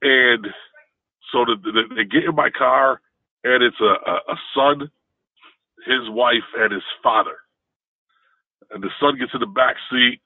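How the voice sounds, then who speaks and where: A man co-hosting a podcast, telling a story in an animated, casual way. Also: breathy edge, no room sound. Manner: animated, jumps into higher pitch when telling a story. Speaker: podcast co-host. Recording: tinny phone-like dry sound.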